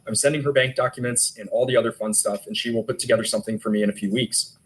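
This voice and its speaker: A man's voice: medium pitch, steady tone, fast, poor audio. A male detective testifying in court, steadily reading text messages aloud. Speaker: detective witness.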